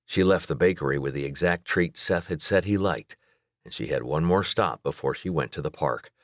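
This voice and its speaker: Man narrating an audiobook, very deep voice, steady, dry close sound. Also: normal speed, dry recording. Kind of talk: scripted narration.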